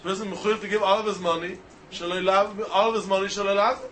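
Man, high voice, style lecture, lively sing-song delivery. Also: fast. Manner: animated, mixes Hebrew, Aramaic and Yiddish terms into English, sing-song reasoning. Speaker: Talmud teacher. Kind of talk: yeshiva-style Talmud lecture.

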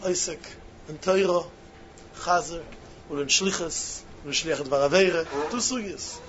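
A man with giving a sermon-style talk to yeshiva students, emphatic and repetitive, swinging between loud stresses and hushed asides, on a muffled lo-fi recording. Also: a little high, a little slow. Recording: muffled lo-fi recording with faint hiss.

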